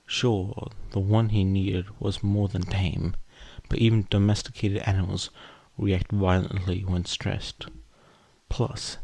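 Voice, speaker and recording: A man reading fan fiction aloud as a podfic narrator, in a steady, measured way. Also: low-pitched, no room sound. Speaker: podfic reader. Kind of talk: scripted narration.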